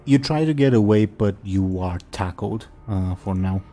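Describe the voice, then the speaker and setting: A young man narrating a tabletop game as game master, casual and halting with many fillers. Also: fairly low pitch, warm tone, soft background music.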